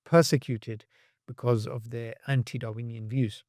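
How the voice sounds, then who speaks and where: A man on a podcast as a guest, talking with animation and acting out quoted voices with sharp jumps in pitch. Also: fairly even intonation, moderate pace, dry recording, clean studio sound. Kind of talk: podcast conversation.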